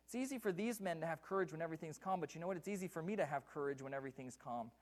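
A man's voice: on the high side, rapid-fire. A man preaching a sermon from a church pulpit, repeating key lines and putting questions to the congregation. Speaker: pastor.

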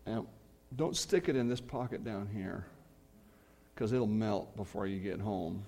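A man's voice: fairly low pitch, unhurried, gravelly, warm tone. A male pastor preaching a sermon in church, earnest, leaning hard on key phrases.

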